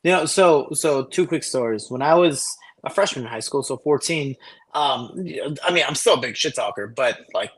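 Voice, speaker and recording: Profane, animated storytelling man. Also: mid-range voice, normal speed. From Cicero, Illinois area. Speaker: podcast co-host. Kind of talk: casual podcast chat, storytelling. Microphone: remote call over shaky Wi-Fi.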